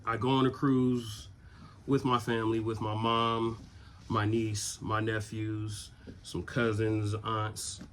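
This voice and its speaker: A young man telling a personal story in a loose, conversational way, with many pauses and restarts. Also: lowish voice, flat delivery, a bit bright, a little hiss or hum. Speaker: vlogger.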